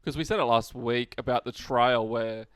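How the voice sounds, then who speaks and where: A man's voice: medium pitch, moderate pace, clear, resonant tone, no echo. A man co-hosting a casual sports podcast, laid-back and rambling, swearing freely. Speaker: podcast co-host.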